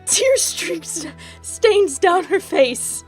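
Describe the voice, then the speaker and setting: A woman's voice: extremely high pitch, animated, drawn-out words, soft background music. A woman running a tabletop game as game master, narrating in a rambling way full of fillers.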